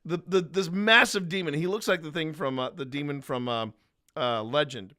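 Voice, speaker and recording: A man's voice: a little high, normal speed, bright, forceful tone. A man hosting a paranormal footage review, chatting casually and rambling with many restarts. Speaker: paranormal investigator host.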